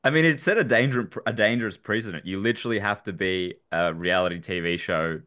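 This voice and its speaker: A man's voice: lowish voice, fast, fairly bright tone. A man co-hosting a casual podcast, rambling through political chat with restarts and chuckles. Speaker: podcast co-host.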